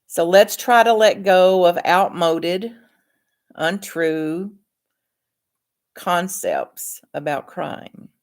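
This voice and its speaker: A woman with a low voice reads from her own book at a slow, unhurried pace. Her delivery is calm, measured and earnest, like a counselor sharing her insights.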